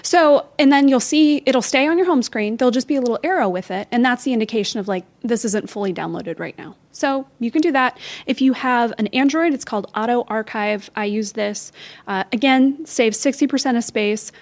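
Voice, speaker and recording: A woman with a slightly high voice co-hosts a podcast and walks listeners through tech tips. Her talk is upbeat and casual, breaking off for quick back-and-forth with the others. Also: darkish tone. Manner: upbeat, explanatory. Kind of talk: casual chat.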